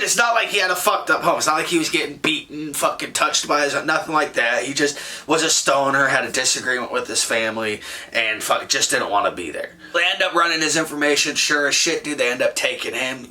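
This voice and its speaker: A man's voice: medium pitch, bright, forceful tone, recorded from a distance. A man casually telling a story from his teen years, rambling and swearing with lots of slang and filler words. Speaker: storyteller vlogger.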